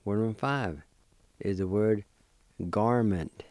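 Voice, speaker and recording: A man teaching a language lesson, spelling and pronouncing words slowly, letter by letter, and encouraging his listeners. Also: lowish voice, a little mellow, dry recording. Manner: slow, deliberate, spells letter by letter. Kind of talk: slow spelling and pronunciation lesson.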